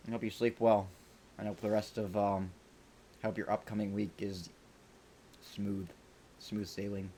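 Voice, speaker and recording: Low-voiced rambling game streamer. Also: male voice, flat delivery, moderate pace, long pauses, mellow, slight background noise. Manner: rambling, self-deprecating, joking. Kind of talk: let's play commentary. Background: game music.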